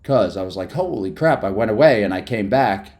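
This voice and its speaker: A man's voice: lowish voice, a little fast, a little mellow. A man chatting casually on a live stream, hyper and rambling from topic to topic after no sleep. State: sleep-deprived.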